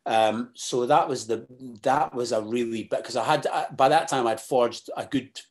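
A Scottish man talking as a podcast guest, halting and full of restarts, then bursting into animated, sweary asides. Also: mid-range voice. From Scotland. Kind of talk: casual interview chat.

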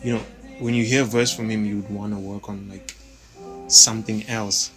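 A man's voice: lowish voice, flat delivery, normal speed, over music. A man in an interview, talking loosely about recording sessions and leaning on "you know" fillers. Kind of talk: reflective interview talk.

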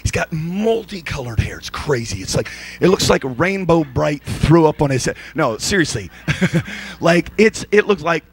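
Husky-voiced man preaching a lively sermon. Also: fairly high pitch. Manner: energetic, joking preaching. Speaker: pastor. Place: church service.

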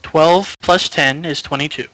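A man's voice: on the high side, measured pace, a bit bright, poor audio. A man playing a tabletop game, joking and laughing often in casual table chat. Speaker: player.

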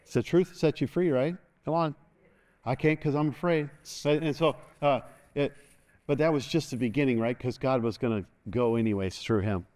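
An older man preaching to his congregation in a folksy, joking way. He keeps calling for the room to answer him back. His voice sits at a middle pitch. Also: normal speed, a little mellow. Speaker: pastor. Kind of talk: sermon.

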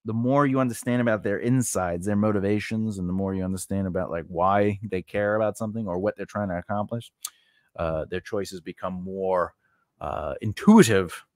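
A man's voice: lowish voice, no room sound, studio quality. A man hosting a screenwriting channel, talking casually through his writing steps with asides and filler words. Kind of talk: casual teaching monologue.

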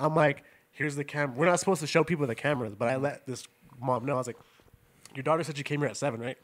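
A young man hosting a podcast, telling profane stories in a casual, animated way and often laughing as he talks. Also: mid-range voice, fast. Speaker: podcast host. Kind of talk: casual storytelling.

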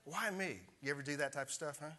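A man's voice: fairly high pitch, monotone, very fast, sharp tone. A middle-aged male pastor preaching a sermon, telling a personal story in a conversational way and asking the congregation questions.

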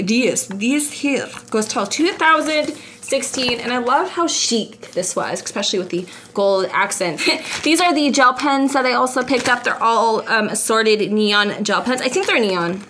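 A woman's voice: fairly high pitch, moderate pace, fairly bright tone, a little hiss or hum. A woman vlogging at home with a handheld camera, chatting casually, giggling and rambling with lots of "like" and "I don't know". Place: at home, putting away groceries. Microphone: handheld vlog camera.

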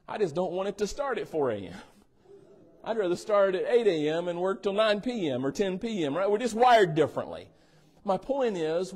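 Man, preaching in church, teasing, slightly high-pitched. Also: darkish tone. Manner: playful, teasing asides, asks congregation for responses. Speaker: pastor. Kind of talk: sermon. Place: church sanctuary.

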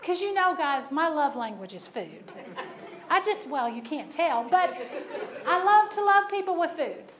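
A woman's voice: high-pitched, big pitch swings, a little slow, fairly bright tone, slight background noise. A woman pastor preaching a sermon, telling a personal story with humor and emphatic repetition.

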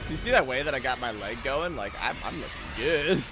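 A man streaming a video game, giving excitable, jokey commentary and swearing often. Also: mid-range voice, fast, music in the background. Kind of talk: casual gaming commentary.

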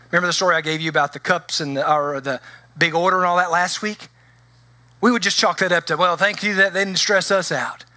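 Animated, bright-voiced man preaching. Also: on the high side, no room sound. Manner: conversational, animated preaching with frequent restarts. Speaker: pastor. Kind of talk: sermon. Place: church sanctuary.

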